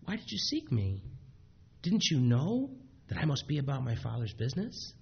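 Preacher acting a tender, meek twelve-year-old boy, hushed and gentle, husky tone. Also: on the high side, fairly quick, dull audio.

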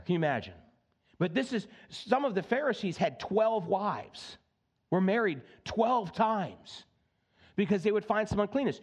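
A male pastor preaching a sermon in an animated way, slipping in joking asides. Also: sits high, moderate pace, husky, lo-fi sound.

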